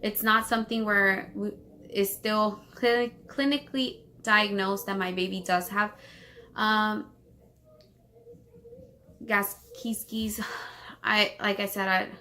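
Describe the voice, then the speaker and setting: A woman from Los Angeles telling a personal story on her vlog, rambling fast with many fillers and restarts while holding back tears. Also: medium pitch, steady tone, bright, forceful tone, a little hiss or hum. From Los Angeles, United States. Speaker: vlogger.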